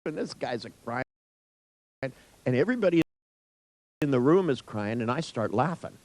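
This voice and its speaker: A man's voice: medium pitch, animated, moderate pace, darkish tone, no echo, poor audio. A middle-aged man telling an anecdote in a wry, irreverent way, swearing freely. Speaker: storyteller. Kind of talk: profane anecdotal storytelling.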